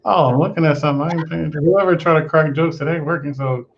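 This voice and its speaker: Gravelly-voiced dude co-hosting a stream, aave, short dry answers, muffled audio. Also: male voice, fairly high pitch, steady tone, fast, a little hiss or hum. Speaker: livestream co-host. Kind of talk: casual livestream chat.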